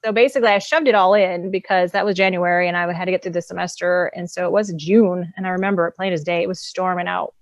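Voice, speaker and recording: A woman's voice: on the low side, steady tone, quick pace, hardly any pauses, no echo, dull audio. A woman, an empowerment coach and author, telling her personal story as a guest in a casual, candid way, often laughing between thoughts.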